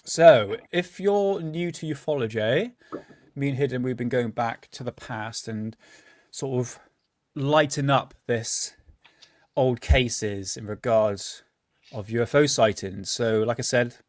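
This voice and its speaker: Man reading haltingly, dry sound. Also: medium pitch, a little mellow, dry recording. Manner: reads stumblingly with asides and laughs. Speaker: podcast co-host. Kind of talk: casual live-stream chat and reading.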